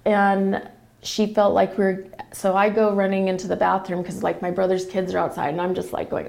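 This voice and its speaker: A woman's voice: medium pitch, steady tone, a little fast, creaky, darkish tone. A woman telling a personal family story in a casual, emotional, rambling way with many restarts. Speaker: guest sharing a family story.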